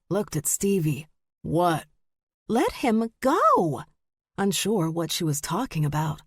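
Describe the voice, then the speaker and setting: A woman narrating an audiobook in a measured, deliberate way. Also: lowish voice, darkish tone, husky, no room sound, studio quality. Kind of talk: scripted narration.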